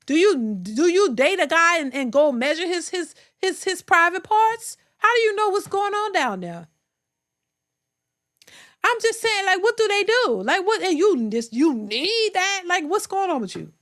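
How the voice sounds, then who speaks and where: A woman's voice: very high-pitched, very animated, normal speed, fairly bright tone. A woman hosting a reaction channel, giving sassy, incredulous commentary straight to her viewers.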